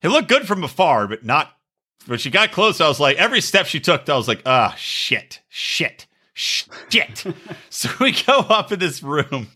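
Guy on a podcast, super lively pitch, really bright voice, crude storytelling. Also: brisk, husky. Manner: storytelling, crude jokes, acts out quoted voices. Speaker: podcast co-host. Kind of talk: casual chat.

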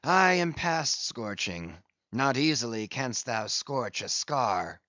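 A weary, scarred old blacksmith, voiced by a man reading an audiobook, answers in a quiet, subdued, resigned tone. He speaks slowly, in a low voice, and the dry recording sounds somewhat dull. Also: lively intonation, dry recording.

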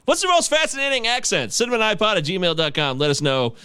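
Lively animated man hosting a podcast. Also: fast talker, smooth, dry recording, clean studio sound. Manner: animated, jokey, swoops up in pitch. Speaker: podcast host. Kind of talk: casual chat.

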